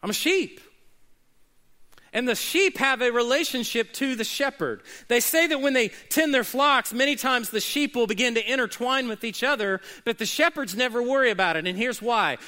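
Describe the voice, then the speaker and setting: High, bright-voiced preaching pastor. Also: male voice, fairly quick, hardly any pauses. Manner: animated preaching, rising and dropping for emphasis. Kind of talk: sermon. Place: church service with congregation.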